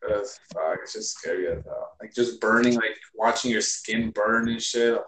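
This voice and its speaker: A man's voice: on the low side, normal speed, a bit bright, a little hiss or hum. A young man telling a story in casual chat, rambling with lots of fillers and constant swearing. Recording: echoey room.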